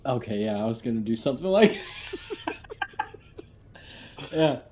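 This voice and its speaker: A man's voice: mid-range voice, expressive, fast, a little mellow, a little hiss or hum. A man playing a tabletop game, talking playfully with stammers and laughs. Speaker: player. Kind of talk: casual tabletop play.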